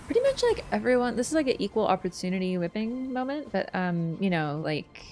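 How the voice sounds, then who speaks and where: A woman's voice: mid-range voice, sing-song, a little fast, a little mellow. Chatty young woman streaming games. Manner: chatty, playful, reading chat aloud. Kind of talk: casual live-stream chat.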